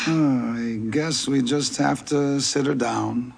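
A man's voice: mid-range voice, fairly even intonation, slow pace, vocal fry, slightly rough, heavily acted. A middle-aged man playing a sitcom father who speaks in a mild, hesitant, resigned way. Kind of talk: sitcom acting.

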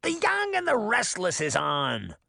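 A man's voice: on the high side, sing-song, slow pace, creaky, fairly bright tone, no room sound, clean studio sound, pitched above the performer's own voice, heavily acted. A man voicing Baba Yaga, a cranky, seething old witch woman who snaps and cackles, in a storybook reading.

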